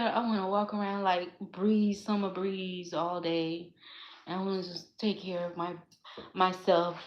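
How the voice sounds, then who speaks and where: A woman vlogger talking straight to camera in a casual, emphatic, profane rant, going from soft musing to loud laughing outbursts. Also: medium pitch. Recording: echoey room, dull lo-fi sound.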